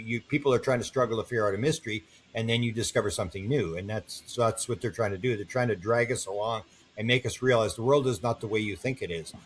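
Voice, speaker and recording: A man's voice: medium pitch, slight background noise. An older man, a guest on an interview podcast, telling long stories and acting out the voices of the people in them. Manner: animated storyteller, acts out quoted voices.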